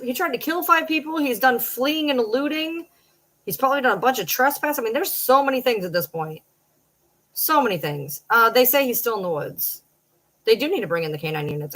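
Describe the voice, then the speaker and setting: A woman's voice: on the high side, fairly bright tone, rough recording. A woman of about forty with a Michigan accent, chatting bluntly and with plenty of swearing to viewers on a late-night livestream. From Michigan, Detroit downriver area. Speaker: social media personality.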